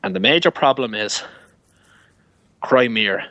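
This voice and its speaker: Blunt man, bright dry voice. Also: mid-range voice, a little slow, no room sound. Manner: blunt, cuts in. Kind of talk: casual political chat.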